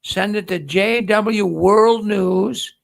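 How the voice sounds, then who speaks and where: High-voiced gravelly man hosting a quiz. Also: slow pace. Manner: jokey, repeats himself, playful. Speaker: show host running a quiz. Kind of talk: casual live-stream chat.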